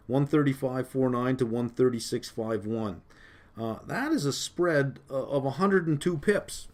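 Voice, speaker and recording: A man's voice: medium pitch, a little mellow. A man giving a recorded finance exam-prep lecture, explaining step by step with many fillers and rhetorical questions. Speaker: finance instructor.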